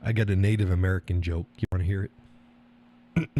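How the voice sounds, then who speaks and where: A man's voice: low voice, moderate pace, dark tone. A man hosting a live stream, reading out viewer chat in a rambling, folksy way and chuckling often.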